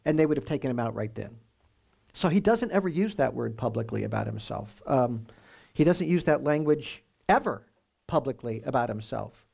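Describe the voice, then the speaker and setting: A male pastor teaches through a Bible passage, explaining it conversationally with animated emphasis. His medium-pitched voice is gravelly with a breathy edge, and he keeps a moderate pace.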